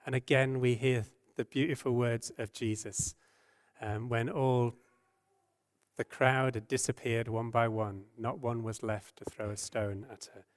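A man preaching a sermon, earnest and gentle, asking rhetorical questions and dropping his voice and slowing down when he quotes scripture. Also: medium pitch, steady tone. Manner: softens and slows when quoting scripture.

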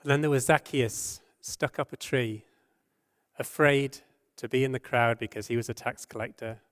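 A man preaching a sermon, earnest and gentle, asking rhetorical questions and dropping his voice and slowing down when he quotes scripture. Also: mid-range voice, steady tone. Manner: softens and slows when quoting scripture.

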